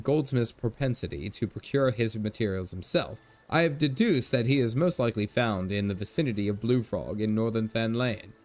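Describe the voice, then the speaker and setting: A man doing a pompous gentleman inspector. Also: medium pitch, close to an everyday voice. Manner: grandiose, formal diction.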